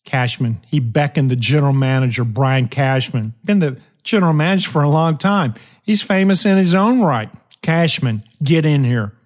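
A man hosting a motivational podcast, telling a story emphatically with dramatic pauses and shifting pace. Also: on the high side. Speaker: podcast host.

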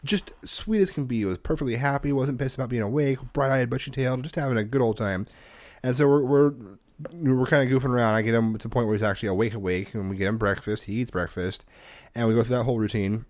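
A man's voice: mid-range voice, fast, a little mellow, dry recording. Guy in his 30s rambling through a story about his kid, dry sound. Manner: rambling storyteller, acts out his toddler's lines. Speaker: podcast co-host. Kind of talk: casual chat.

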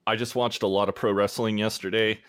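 A man's voice: on the low side, level tone, brisk, fairly bright tone, dry recording, studio quality, faint music behind. A man hosting a podcast, chatting casually and rambling with frequent laughs. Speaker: podcast host. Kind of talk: casual chat.

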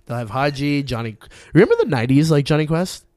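A man's voice: on the high side, sing-song, quick pace, a little mellow, dry recording, studio quality. A man co-hosting a casual movie news chat, sarcastic and profane, slipping into mocking impressions. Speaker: podcast co-host.

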